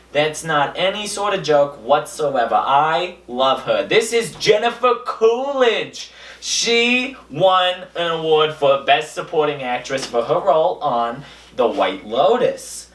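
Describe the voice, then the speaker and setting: A young man hosting a comedy show, delivering a deadpan monologue full of absurd boasts, his voice jumping between high and low. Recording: echoey room, a bit far from the mic.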